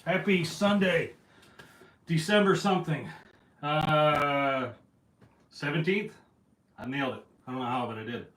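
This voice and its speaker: A man's voice: on the high side, measured pace, pauses often, a bit bright. A man hosting a casual fishing livestream from home, a little out of breath, greeting viewers by name. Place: at home indoors. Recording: roomy echo.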